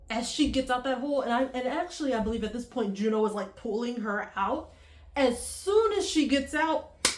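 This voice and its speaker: A woman vlogger casually recapping a movie in a chatty way, full of fillers, acting out the characters' lines as she goes. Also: fairly high pitch. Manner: chatty, lots of "like" and acted-out quotes. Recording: echoey room.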